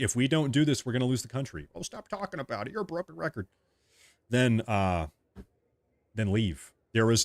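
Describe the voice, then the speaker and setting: A man's voice: medium pitch, dry recording, studio quality. A man hosting a live stream of political commentary. He reacts to viewer chat in an emphatic, repetitive way, joking about being a little irritable.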